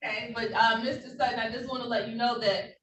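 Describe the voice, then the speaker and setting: A woman's voice: on the high side, little pitch movement, fast, fairly bright tone. A woman judge running courtroom proceedings in a formal, patient, procedural manner over a video call. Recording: roomy, distant, faint noise.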